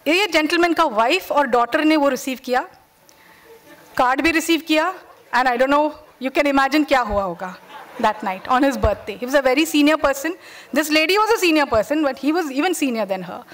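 A woman's voice: sits high, fairly bright tone. A woman with an Indian English accent, an entrepreneur giving a workshop talk. She tells stories, acts out the voices of callers and customers, and checks in with her listeners with "right?" and "okay". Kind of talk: lively motivational talk with anecdotes.

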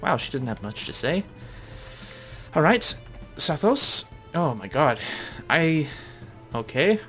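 A man's voice: a little high, big pitch swings, slow pace, a bit bright, faint music behind. A man casually commenting as he plays a game, chatty and thinking aloud. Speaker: gamer.

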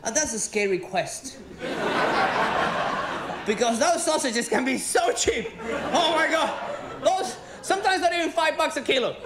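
A man from Venezuela with a Venezuelan accent and Spanish as his first language, performing a sweary, animated stand-up routine on stage. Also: very high voice, measured pace, pauses often, very noisy. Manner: animated, swearing, rising to exclaim. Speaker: stand-up comedian. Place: stage in a comedy venue with live audience. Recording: roomy live venue sound.

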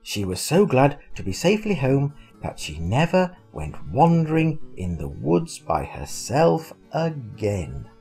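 An older man, a grandfather, reading a children's storybook aloud in a lively, expressive way. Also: medium pitch, measured pace, vocal fry, hardly any pauses, soft background music.

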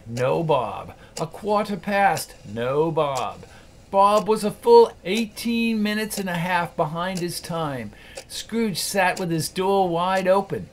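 A man narrating a classic novel as an audiobook in an expressive, theatrical storytelling manner. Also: sits high, a little hiss or hum.

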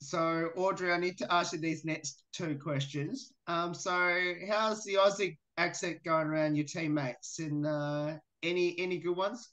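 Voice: mid-range voice, fairly even intonation, unhurried, few pauses, a bit bright. A radio interviewer asking athletes questions in a friendly way over a video call. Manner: friendly, laughs between questions.

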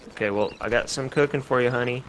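A man's voice: mid-range voice, fast talker, a little hiss or hum, rough recording. A man co-hosting a let's play, chatting casually and trailing off as he searches for words. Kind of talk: casual gaming chat.

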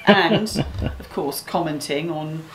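A woman's voice: sits low, takes it slowly, roomy sound, slight background noise, low-quality recording. A woman hosting a home cookery video in her kitchen, chatty and playful, teasing herself and her partner. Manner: chatty, playful, self-mocking. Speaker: cookery host. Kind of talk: casual cooking show chat.

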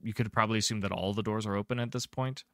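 A low-voiced man running a tabletop game as game master, describing scenes in a chatty way with plenty of ums. The sound is dry and close to the mic. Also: fairly even intonation, fairly bright tone, dry recording. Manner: descriptive, chatty, fills pauses with um and uh.

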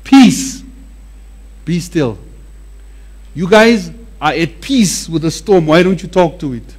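A male preacher with a high voice that swings widely from phrase to phrase. He delivers a sermon emphatically and repeats words for effect. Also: lively intonation, normal speed.

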